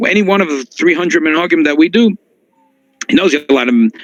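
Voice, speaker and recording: A man's voice: brisk, no echo. A man teaching a halacha class as a rabbi. He reads source texts aloud, explains them, and restarts his sentences often. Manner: animated, jumps high in pitch for emphasis, frequent restarts. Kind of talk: text-based Torah lesson, reading and explaining. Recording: dull lo-fi dry recording.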